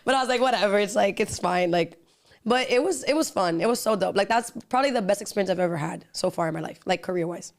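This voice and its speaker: Fast-talking chatty woman guest. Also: mid-range voice, expressive. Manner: fast, chatty, peppered with "like", drops Spanish phrases. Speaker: actress and singer guest. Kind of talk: casual interview chat.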